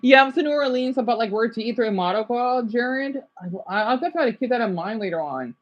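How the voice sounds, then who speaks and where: A woman with an American accent, streaming and reacting to videos in a rambling, excitable chat with her viewers. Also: a little high, fast, dull audio.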